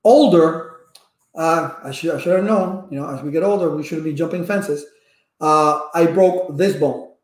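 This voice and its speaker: A man talking casually to viewers as a networking instructor, a lively storyteller full of personal anecdotes. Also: on the high side, moderate pace. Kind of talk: casual rambling talk to viewers. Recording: echoey room.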